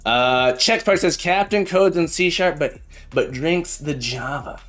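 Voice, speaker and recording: A man's voice: fairly high pitch, measured pace, fairly bright tone. A middle-aged man hosting a casual live coding stream as a programming teacher, playful and punning, often repeating his phrases. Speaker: livestream host and programming teacher. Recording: faint background music.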